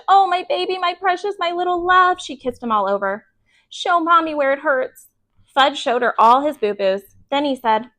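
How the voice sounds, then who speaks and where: Woman, bedtime story read-aloud, high voice, calm clear reading.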